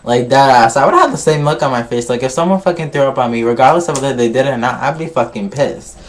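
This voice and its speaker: A man's voice: medium pitch, fast. Gossipy man recapping a reality show. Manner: gossipy, swears a lot, skips ahead with "blah, blah, blah". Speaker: vlogger reviewing a reality show. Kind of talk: casual recap.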